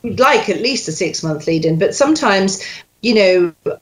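A woman coaching accents, talking in a chatty, animated way with quoted asides. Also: medium pitch, moderate pace, crowd noise. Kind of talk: casual chat. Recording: roomy echo.

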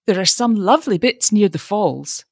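A fresh, breathless young woman, eager and bright, as a woman reading a storybook voices her. Her pitch moves lively, and the recording is close and dry. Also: normal speed, gravelly, husky, no room sound.

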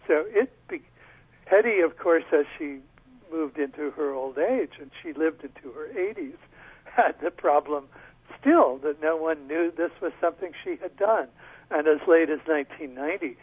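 A man's voice: on the high side, lively intonation, normal speed, husky, no room sound. A male author being interviewed by phone from home, telling a story thoughtfully with small restarts and laughs. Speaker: author guest. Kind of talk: radio interview over the phone. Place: home in Northern California. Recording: tinny phone line.

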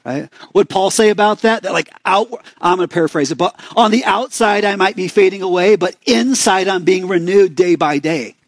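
High-voiced man preaching a casual sermon. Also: normal speed, few pauses, no echo. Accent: Arizona. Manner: conversational, asks the congregation questions. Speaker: pastor.

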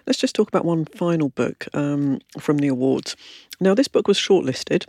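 A woman's voice: low voice, animated, warm tone, dry recording, studio quality. A woman hosting a food podcast, bubbly and playful, gushing over books and cake in casual chat. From United Kingdom. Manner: bubbly, fast, playful, effusive. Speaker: podcast host.

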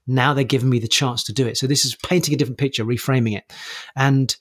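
A man on a podcast giving coaching advice, explaining things in quick, animated bursts with many restarts. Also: medium pitch. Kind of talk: casual conversational podcast talk.

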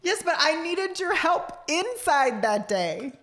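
Young adult female co-host with a high, bouncy voice who teases a lot. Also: big pitch swings, takes it slowly, a bit bright. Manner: teasing, laughs often. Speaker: podcast co-host. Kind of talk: casual chat.

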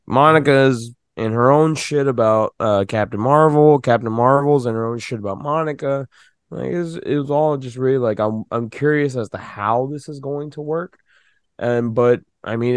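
Male co-host, under the weather, smooth tone, dry close sound, profane banter. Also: medium pitch, normal speed, no room sound. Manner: blunt, swears freely. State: sick, losing his voice. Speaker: podcast co-host. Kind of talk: casual chat.

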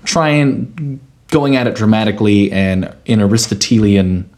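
A man's voice: fairly low pitch, steady tone, normal speed, darkish tone. A man co-hosting a podcast, walking through his ideas in a playful, analytical way. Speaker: podcast co-host. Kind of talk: casual chat.

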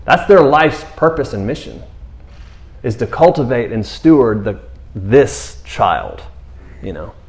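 A man preaching a sermon in a relaxed, conversational way, acting out quotes playfully. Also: medium pitch, takes it slowly, echoey room. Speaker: pastor.

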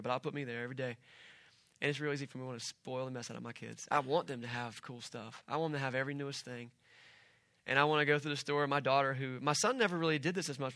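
Middle-aged male pastor, animated conversational sermon, bright voice, dry close sound. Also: medium pitch, dry recording. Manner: animated, conversational preaching with asides.

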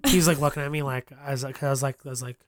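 A man co-hosting a podcast, chiming in quickly on a shared story in casual chat. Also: mid-range voice, steady tone, a crowd in the background. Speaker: podcast co-host.

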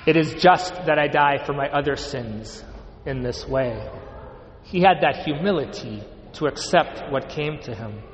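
A priest giving an earnest, emphatic sermon with measured pauses, in a church. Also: male voice, fairly high pitch, in a large hall, dull audio, slight background noise.

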